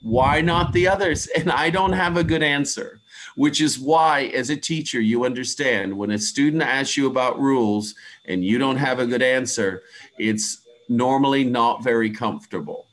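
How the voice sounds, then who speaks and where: A man from the USA teaching English pronunciation in an online class, patiently repeating words slowly for students to copy. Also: mid-range voice, fairly bright tone.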